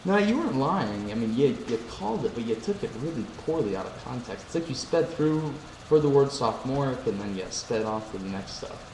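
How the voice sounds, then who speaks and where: A man's voice: mid-range voice, lively intonation, a little fast, hardly any pauses, darkish tone. A man hosting a live stream, chatting casually with viewers, joking and reading chat messages aloud. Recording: echoey room with faint ambient noise.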